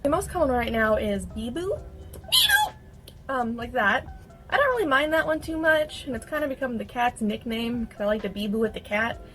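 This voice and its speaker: A young woman chatting casually in a vlog, bubbly and animated, with sudden loud outbursts. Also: a little high, brisk, faint music behind. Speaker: social media creator.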